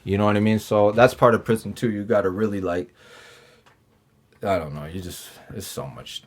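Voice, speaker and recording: A man's voice: fairly low pitch, fairly even intonation, moderate pace. A man recounts his time behind bars in loose, profane conversation. He stumbles through restarts and fillers. He slips into quoted back-and-forth as he talks. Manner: acts out his own and others' lines in quoted dialogue. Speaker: podcast guest, former prisoner. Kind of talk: casual storytelling interview.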